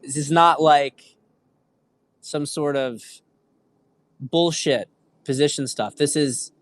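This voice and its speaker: Speaking slowly with long pauses, a man with a fairly high pitch runs a dating livestream as a coach. He comes across as earnest and preachy and keeps restarting his sentences. There's no echo on the recording.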